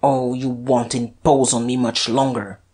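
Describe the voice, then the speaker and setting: A woman's voice: very deep voice, flat delivery, measured pace, mellow, husky, exaggerated voice. A woman reading the lines of a desperate, rattled police detective who snarls and stammers defiantly.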